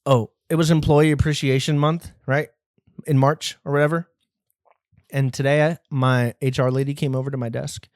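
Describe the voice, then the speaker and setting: A man's voice: medium pitch, little pitch movement, moderate pace, no echo, studio quality. A man hosting a comedy podcast alone, rambling and profane in a self-deprecating way. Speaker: podcast host. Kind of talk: solo comedy podcast monologue.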